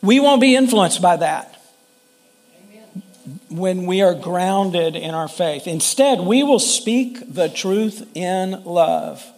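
A man's voice: high-pitched, expressive, slow, darkish tone. A male pastor preaching a sermon in an earnest, conversational way, often restarting his sentences.

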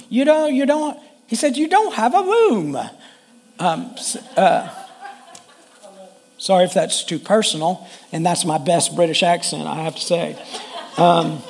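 Male pastor, sermon, high voice, unhurried, earnest and conversational with frequent restarts. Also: darkish tone.

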